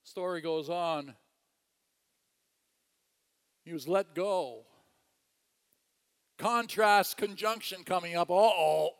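A man preaching a sermon, telling a story with animated delivery, chuckling and repeating phrases. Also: on the high side, clean tone, in a large hall.

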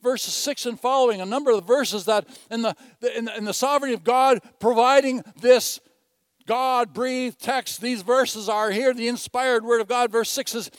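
A man preaching a sermon, earnestly swinging between loud emphatic lines and quiet, hushed asides, often repeating phrases as he teaches. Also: very high-pitched, fairly even intonation, normal speed, smooth, dry recording, studio quality. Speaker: pastor.

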